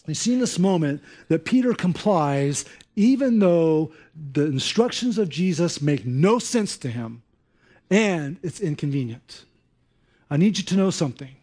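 A man preaching a sermon in an animated, conversational way, acting out voices. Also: fairly high pitch, a little slow. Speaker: pastor.

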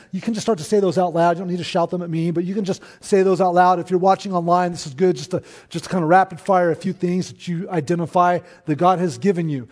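A man preaching a sermon to his church, in an earnest, conversational way with pauses. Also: high voice, darkish tone. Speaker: pastor.

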